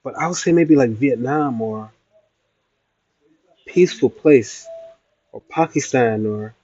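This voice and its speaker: A man's voice: medium pitch, slow pace, dark tone, no room sound. Chatty man livestreaming, dull lo-fi sound. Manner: chatty, answers viewer questions, playful asides. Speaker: travel livestreamer. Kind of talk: casual livestream chat reading comments. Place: traveling in Iraq.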